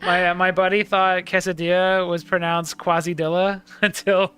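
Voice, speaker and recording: A man playing a game and chatting casually, who swears and yells at the boss and laughs a lot. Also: high-pitched, flat delivery, normal speed, smooth. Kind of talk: casual gameplay chat. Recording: game music behind voice.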